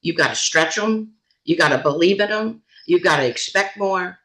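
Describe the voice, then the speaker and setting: A woman's voice: on the low side, normal speed, poor audio. Woman host on a video call, emphatic motivational speaker, repeats lines for punch. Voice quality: animated, emphatic, repeats phrases. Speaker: team leader hosting a call.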